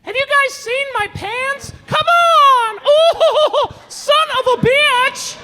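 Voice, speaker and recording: A man voicing his angry dad as a shrill, squeaky cartoon mouse who shouts and curses. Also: slow, a little hiss or hum, exaggerated voice. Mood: squeaky rage.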